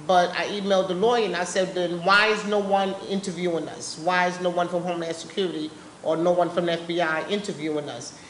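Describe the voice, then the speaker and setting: At a live public forum in a meeting room, a woman with a lowish, steady voice gives personal testimony fast, barely pausing. Her talk is blunt, impassioned and colloquial, and the recording is roomy with faint background noise.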